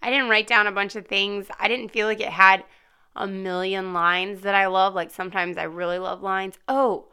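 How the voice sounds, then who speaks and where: A woman's voice: medium pitch, fairly even intonation, normal speed, pushed and bright, clean tone. A woman co-hosting a podcast, chatting casually about a TV episode. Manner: chatty, quotes characters in put-on voices. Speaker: podcast co-host. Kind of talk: casual chat reviewing a TV episode.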